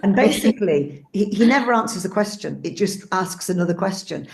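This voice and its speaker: A woman's voice: medium pitch, expressive, brisk, vocal fry, a little mellow. A woman drama teacher on a video call, speaking in a loose, digressive way that trails off mid-thought. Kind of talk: casual group discussion.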